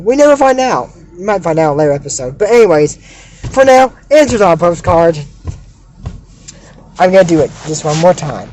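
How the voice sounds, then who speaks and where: A man excitedly retelling a cartoon episode, gasping and shouting as he recaps the action. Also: sits high, moderate pace, rough recording. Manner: animated, gasps and shouts with excitement.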